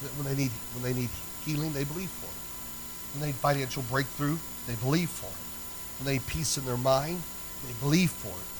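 A man's voice: a little high, noisy background. A man preaching a sermon as pastor, folksy and emphatic as he tells a story. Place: church sanctuary.

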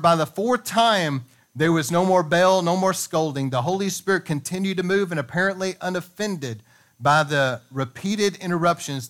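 A man preaching in church, reading a revival story aloud and adding animated asides to the congregation. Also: on the high side. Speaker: pastor.

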